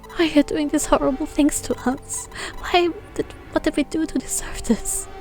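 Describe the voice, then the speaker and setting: A woman's voice: high-pitched, fairly even intonation, very slow, a little mellow, faint music behind, voice pushed up. A woman voicing a panicked young woman who screams and pleads hysterically. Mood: desperate pleading. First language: German.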